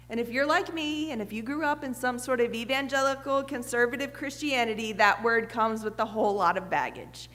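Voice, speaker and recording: In a church sanctuary full of long reverb, a woman pastor's high, clear voice carries her sermon at normal speed with few pauses. She speaks earnestly, poses rhetorical questions, and occasionally softens almost to a whisper.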